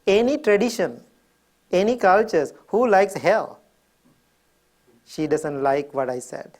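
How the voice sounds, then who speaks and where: A middle-aged man with a Sri Lankan accent, a Buddhist monk telling a personal story in a gentle dharma talk, chuckling often. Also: high-pitched, animated, slow pace.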